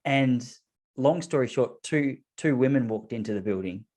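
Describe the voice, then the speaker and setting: Australian male podcast host, casual and animated, mid-pitched. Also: normal speed. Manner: animated storyteller, laughs often. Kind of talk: casual chat.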